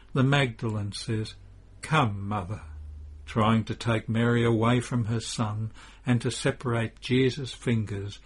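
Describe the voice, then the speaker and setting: A man's voice: medium pitch, slightly rough. A man reading a devotional religious narrative aloud in an earnest, impassioned way. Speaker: reader. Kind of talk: dramatic scripture reading.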